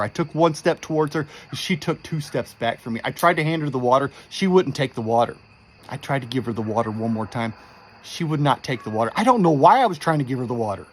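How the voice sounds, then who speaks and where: At a medium pitch, with slight background noise, a man in his forties relives a terrifying thing that happened to him. He tells it intensely, sounding shaken and cursing often.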